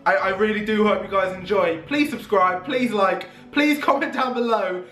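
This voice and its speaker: A man's voice: sits high, moderate pace, bright, forceful tone, recorded from a distance. A young man chatting casually and nervously to the camera. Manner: chatty, nervous, self-mocking. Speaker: YouTuber. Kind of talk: casual vlog challenge. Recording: echoey room, faint background music.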